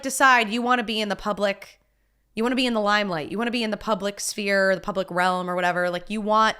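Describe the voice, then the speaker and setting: A woman's voice: a little high, sharp tone, clean tone. A woman streaming a casual reaction, blunt and exasperated, swearing and laughing between points. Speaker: streamer reacting to a news video.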